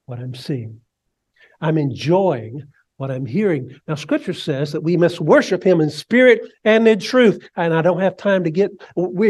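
A male preacher with a high voice delivers his sermon slowly and deliberately. He swings between quiet, low lines and soaring cries, and he has the congregation repeat phrases back to him. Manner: leads the congregation in call and response. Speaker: pastor.

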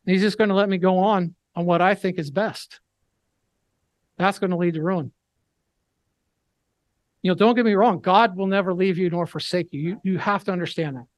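Male preacher, high voice, earnest emphatic delivery, dry close sound. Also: no echo. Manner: earnest, emphatic preaching with slow scripture reading. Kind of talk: sermon.

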